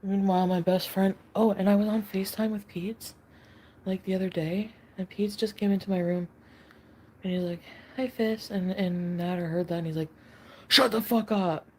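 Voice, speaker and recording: A woman's voice: fairly low pitch, steady tone, fairly quick, dark tone. A young woman talking on a livestream, rambling and repeating herself, swearing freely as she goes. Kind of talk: livestream chat.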